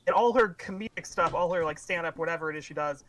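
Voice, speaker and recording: A podcast co-host in a casual discussion, speaking in a hesitant, halting, hedging way. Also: medium pitch, fairly bright tone.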